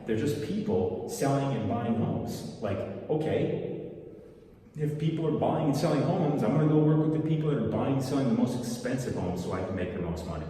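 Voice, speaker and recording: Male business coach, low mellow voice, punchy and playful, picked up from afar in a reverberant room. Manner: energetic, playful, repeats key words. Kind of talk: casual motivational teaching. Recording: echoey room, far from the mic.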